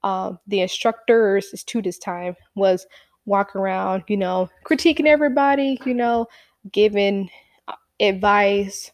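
A woman's voice: medium pitch, measured pace, no room sound. A woman casually telling a personal story in a chatty, rambling way, acting out what people said. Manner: chatty, rambling, acts out quotes.

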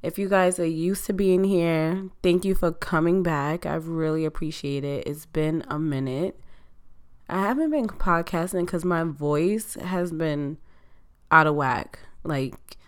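A woman hosting a podcast in casual chat, her voice slightly hoarse and still recovering, speaking in a conversational, reflective way. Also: low-pitched. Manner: conversational, reflective, drawn-out delivery. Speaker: podcast host.

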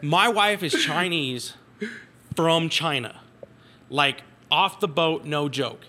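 Dude telling crude funny stories from his shop, bright kinda high voice. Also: takes it slowly. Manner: profane, joking storyteller, laughs often. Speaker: podcast guest, collectibles shop owner. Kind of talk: casual podcast chat.

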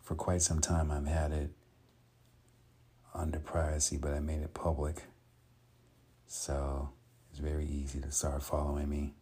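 A man hosting a casual solo podcast, speaking haltingly with many pauses and restarts. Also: extremely low pitch, monotone, mellow, slightly rough. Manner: halting, full of ums and restarts. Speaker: podcast host.

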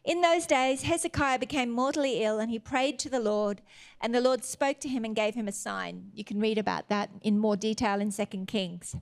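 A woman's voice: on the high side, moderate pace, creaky, few pauses. A woman preaching a sermon, retelling scripture with earnest, exhorting emphasis.

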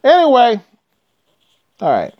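With a very high voice whose pitch swoops wildly, this trucking video host takes his time reading news stories aloud. He gives casual commentary and breaks into blunt, profane rants, all in a dull lo-fi recording.

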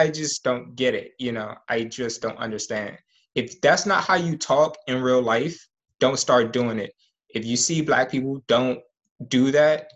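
Male co-host, average pitch, earnest storyteller with some hesitation. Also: fairly bright tone, highs cut off. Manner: earnest, tells personal stories, some hesitation. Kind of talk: casual chat.

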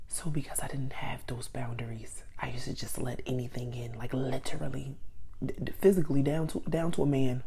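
Woman, low husky gravelly voice, candid personal storytelling with quoted voices. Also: fairly even intonation, normal speed, warm tone.

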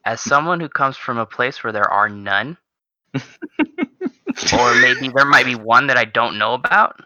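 Very bright-toned young man, rambling candidly. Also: mid-range voice, animated, a little slow, no room sound, muffled recording. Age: young adult. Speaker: podcast co-host. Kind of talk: casual chat.

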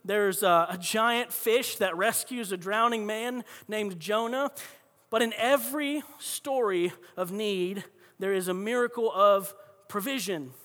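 Bright, high-voiced preacher in a reverberant hall. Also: male voice, a little slow. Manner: conversational storytelling with frequent restarts. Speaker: pastor. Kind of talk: sermon.

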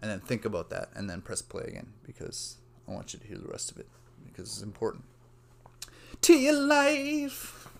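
A young man hosts a solo podcast, rambling in a meandering stream of consciousness and swearing freely. His voice is fairly low, steady and creaky with a breathy edge, and he talks fast.

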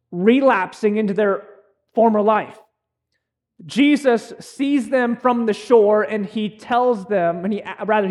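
High-voiced young male pastor preaching. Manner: earnest, conversational preaching with many pauses and restarts. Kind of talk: sermon.

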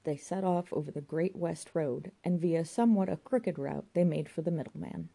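A woman narrating a story in a wry, measured manner. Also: sits low, creaky, warm tone. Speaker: audiobook narrator.

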